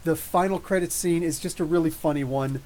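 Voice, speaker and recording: A man hosting a casual live-stream movie review, excitable and rambling, with many restarts and fillers, answering chat comments as he goes. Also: fairly high pitch, fairly quick. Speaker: YouTube comics channel host.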